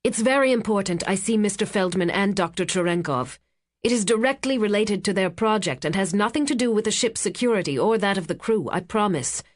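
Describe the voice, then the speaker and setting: A woman's voice: mid-range voice, animated, fairly quick, close to an everyday voice. A woman voicing a tense, determined young female journalist who speaks urgently and slightly out of breath. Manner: urgent, pressing, a little breathless.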